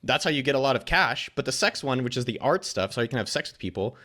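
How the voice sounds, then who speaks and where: Man, blunt and quick, casual guest interview, salty language, medium pitch. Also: lively intonation, bright, forceful tone. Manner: blunt, fast, swears freely, acts out quotes. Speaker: guest entrepreneur.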